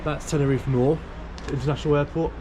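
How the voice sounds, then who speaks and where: A young man with a fairly high, evenly intoned voice talks quickly, rambling and poking fun at himself as he vlogs his travels on foot around a town and while driving. The camera audio is noisy and recorded outdoors, with street sounds and vehicle noise behind him.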